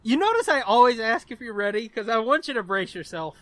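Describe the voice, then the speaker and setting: A man's voice: very high-pitched, very animated, brisk, fairly bright tone. A man co-hosting a podcast in casual chat, laughing often and swearing freely. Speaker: podcast co-host.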